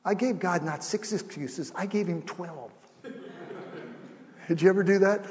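A middle-aged man preaching a sermon as pastor, animated, shifting between soft and loud with acted asides. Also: high voice, takes it slowly, long reverb tail. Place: church sanctuary.

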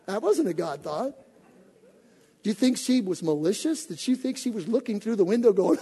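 Brief: man, pastor type, high and husky, animated storytelling sermon, church hall reverb. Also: a little fast. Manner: animated storytelling, acting out voices. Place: church sanctuary.

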